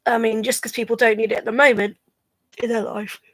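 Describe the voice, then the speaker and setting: A woman's voice: fairly high pitch, little pitch movement, fairly quick, a bit bright, no echo. A drowsy woman chatting casually on a live stream, rambling and yawning between thoughts. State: drowsy from medication. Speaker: vlogger going live.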